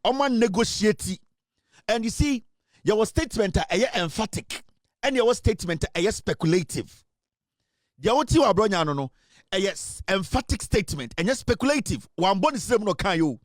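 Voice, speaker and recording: A man's voice: sits high, animated, moderate pace, no echo, clean studio sound. A Ghanaian man giving impassioned political commentary, emphatic and full of fillers as he switches between English and Twi.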